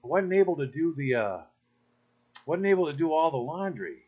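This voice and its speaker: A man co-hosting a comedic chat, telling animated stories with stammers and acted-out voices. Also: a little high, moderate pace, slightly rough, highs cut off. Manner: animated storytelling, stammers and acts out people. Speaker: co-host.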